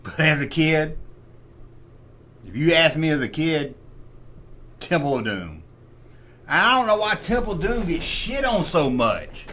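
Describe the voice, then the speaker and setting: A middle-aged man with a voice on the high side hosts an unhurried, casual livestream chat full of long pauses. Animated and opinionated, he talks himself through decisions as he goes.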